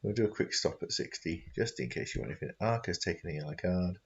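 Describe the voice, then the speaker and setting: Gravelly low-voiced man commentating. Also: quick pace, dull audio, a little hiss or hum. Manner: chatty, chuckling, stumbles over words. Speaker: host and commentator. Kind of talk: casual game-stream commentary.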